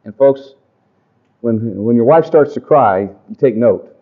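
A man's voice: mid-range voice, unhurried. Folksy preacher man, dull lo-fi recording. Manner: folksy, animated storytelling to a congregation. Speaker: pastor. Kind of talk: sermon testimony. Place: church or camp meeting.

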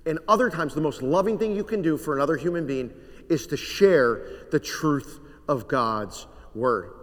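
Male pastor preaching, kinda high voice, big echoey hall sound, earnest and gets real quiet sometimes. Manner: earnest preaching, slows and softens to a hush on solemn lines. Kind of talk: sermon. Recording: long hall reverb.

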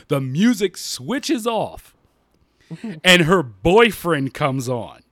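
Brief: high, lively-voiced man spinning funny work stories, laughs a lot, says "y'all", dry close mic. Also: takes it slowly, dry recording. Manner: animated, laughs often while talking; drops his voice low and calm to quote himself. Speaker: podcast guest storyteller. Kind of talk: casual storytelling.

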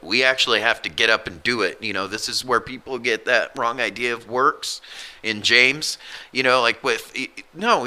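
A man's voice: fairly high pitch, pushed and bright. A man in his forties talking casually and earnestly about his faith, blunt and self-deprecating. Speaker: co-host. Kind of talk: casual Christian podcast chat.

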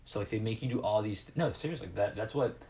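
A young man talking casually, circling his point with many fillers and restarts. His voice is fairly low. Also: fast, warm tone. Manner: rambling, filler-heavy talk. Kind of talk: casual chat.

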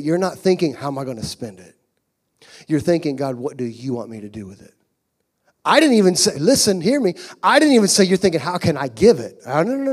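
A middle-aged male pastor preaching a sermon in a church, moving from quiet, intimate passages to loud, fervent shouting. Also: a little high. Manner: swings from hushed to shouting with rising fervor. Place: church sanctuary.

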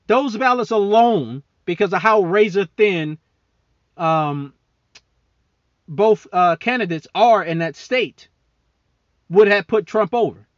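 A man's voice: high voice, expressive, takes it slowly, long pauses, no room sound, dull audio. A man hosting a podcast, ranting angrily about politics with heavy profanity and mocking asides; he talks as a serving military member. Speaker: podcast host. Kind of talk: angry political rant.

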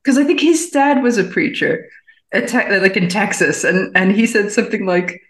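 A woman's voice: medium pitch, lively intonation, normal speed, a bit bright. A woman comedian who is a guest on a podcast, chatting casually and enthusiastically and laughing often. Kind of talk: casual interview chat. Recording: roomy echo.

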